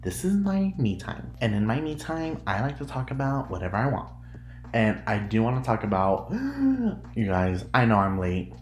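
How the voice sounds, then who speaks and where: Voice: medium pitch, huge pitch swings, normal speed, roomy sound. A podcast host from the United States chatting casually and rambling, often breaking off to giggle. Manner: rambling, giggly, self-interrupting. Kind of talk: casual solo podcast chat.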